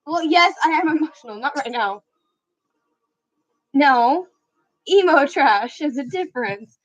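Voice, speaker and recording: A woman's voice: high-pitched, animated, a little slow, fairly bright tone, dull audio. A young woman in casual chat with a friend, playful and giggly, joking about herself. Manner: playful, giggly, self-mocking.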